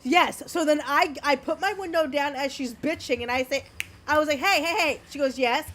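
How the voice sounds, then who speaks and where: Brash, swearing high-voiced woman. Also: brisk, fairly bright tone, slight background noise. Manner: brash storytelling, heavy swearing. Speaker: podcast co-host. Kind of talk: casual podcast chat.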